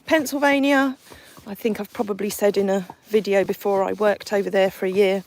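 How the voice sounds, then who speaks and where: A friendly Englishwoman talks on a live stream from a country lane, in a voice of ordinary pitch. She chats freely and reads viewer comments aloud as they arrive. A faint hiss of noise sits behind her. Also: steady tone, brisk, a little mellow, low-quality recording. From England. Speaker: horse sanctuary owner hosting a livestream. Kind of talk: live-stream chat while riding a horse.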